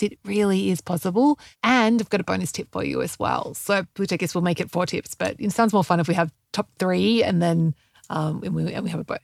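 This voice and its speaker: A woman's voice: on the low side, gravelly, no echo, studio quality. A middle-aged woman hosting a podcast as a health coach, talking in a chatty, rambling way with lots of fillers and self-corrections. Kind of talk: casual podcast chat.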